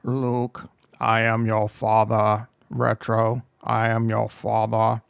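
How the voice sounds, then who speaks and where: A man doing a clumsy, slow, booming impression of a deep-voiced masked male space villain. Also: monotone, gravelly, clean tone, no room sound. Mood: menacing.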